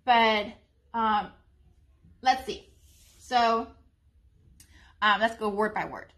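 A woman teaching young children, speaking slowly and simply, with frequent pauses and ums. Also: a little high, a bit bright. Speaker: preschool teacher. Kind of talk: slow, gentle lesson for young children.

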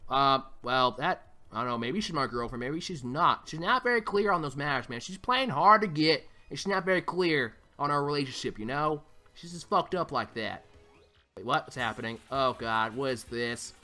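Male let's play host, sarcastic and joking, bright and lively delivery. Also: medium pitch, normal speed. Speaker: gaming channel host.

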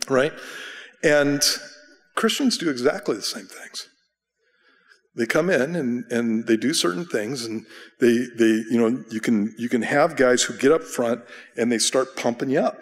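Casual preacher man in a reverberant hall. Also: medium pitch. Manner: casual, self-deprecating, many restarts. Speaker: pastor. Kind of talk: conversational Bible study teaching. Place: church sanctuary.

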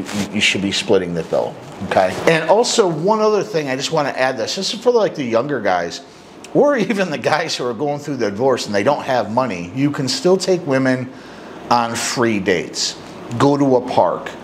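Middle-aged dude, dating coach, talks straight at you, blunt and emphatic, plays out the back-and-forth. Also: male voice, medium pitch, a little hiss or hum, rough recording. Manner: blunt, emphatic, acts out quoted dialogue. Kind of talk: direct-to-camera advice talk.

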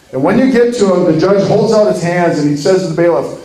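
A man's voice: high-pitched, fast, darkish tone, echoey room, poor audio. A man in his fifties from Minnesota giving an earnest, sermon-like talk, telling a story with acted quotes. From Minnesota, USA. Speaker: ministry speaker.

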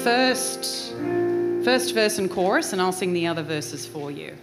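A woman giving a lively, participatory lecture, chatting warmly and enthusiastically with her audience. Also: lowish voice, unhurried, loud music behind the voice.

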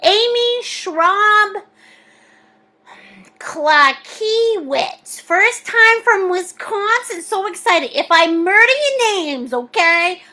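A bubbly middle-aged woman with a very high, bright, forceful voice. She hosts a live painting class, reading viewers' comments aloud with frequent laughter. She calls everyone sweetie and honey. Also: expressive, drawn-out words. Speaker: art teacher hosting a live paint class.

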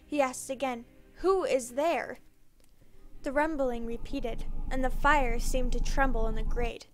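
A woman narrating a scripted story in a measured, dramatic reading. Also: high voice, steady tone.

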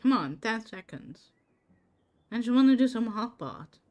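A woman's voice: a little high, very animated, a little slow, darkish tone. A woman streaming a game, chatting casually with her viewers by name and laughing often. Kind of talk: casual live-stream chat while gaming.

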